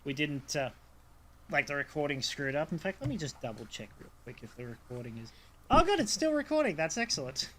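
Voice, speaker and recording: Bright-voiced joking man, faint hiss. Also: medium pitch, lively intonation, a little fast. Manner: joking, sarcastic, playful bits. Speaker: podcast co-host. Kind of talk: casual banter.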